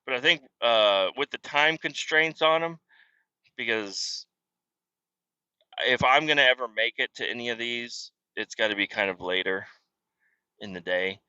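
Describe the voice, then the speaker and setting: Profane rambling dad telling stories. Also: male voice, medium pitch, measured pace, pauses often, pushed and bright, clean tone, no echo, dull audio. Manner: profane, self-deprecating storytelling. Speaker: podcast host. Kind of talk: casual rambling monologue. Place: car.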